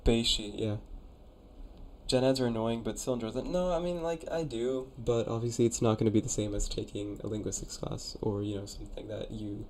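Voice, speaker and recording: On a live stream reviewing viewers' conlangs, this college-aged young man casually reads chat messages aloud and tries pronouncing made-up words. He speaks fairly quickly in a voice on the low side that's a little mellow, with slight background noise.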